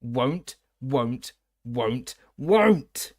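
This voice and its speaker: A man voicing a spiteful, stubborn male house elf with a croaking voice that keeps chanting its refusals. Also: medium pitch, animated, extremely slow, darkish tone, no echo, clean studio sound. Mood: stubborn, wailing.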